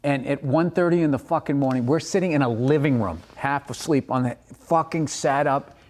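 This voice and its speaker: A middle-aged man, a stand-up comic, chatting casually on a podcast. He tells stories with lots of profanity and builds them up with animated energy. His pitch sits in the middle for a man. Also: fairly quick. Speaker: stand-up comedian.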